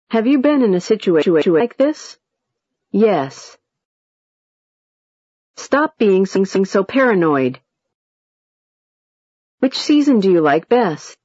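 Slow, deliberate woman teaching intonation. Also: medium pitch, sing-song, a little mellow, husky, no echo. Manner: slow, deliberate, exaggerated tones. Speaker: English pronunciation teacher. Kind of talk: slow demonstration of intonation patterns. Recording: dull, lo-fi audio.

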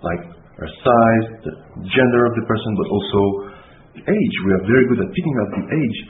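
A man's voice: mid-range voice, animated, a little fast. A man explaining research as an interview guest, emphatic with uneven pace. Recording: roomy, tinny lo-fi with faint noise.

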